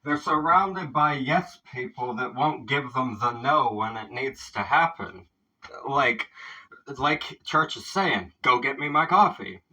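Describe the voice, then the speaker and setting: A man hosting a casual reaction video, agreeing loudly and swearing often. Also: medium pitch, slow pace, husky, recorded from a distance, dull audio. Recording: voice a bit off the mic.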